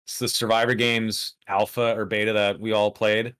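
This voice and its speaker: An American man with a General American accent talks bluntly as a podcast guest, laughing often. His voice sits a little low but sounds bright and forceful. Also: little pitch movement, moderate pace, clean tone, no echo, clean studio sound. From United States. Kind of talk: casual podcast chat.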